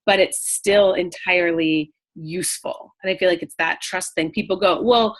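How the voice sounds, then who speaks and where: A woman's voice: on the low side, steady tone, moderate pace. Encouraging, reflective woman coach. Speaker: co-host coach. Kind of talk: casual group coaching call.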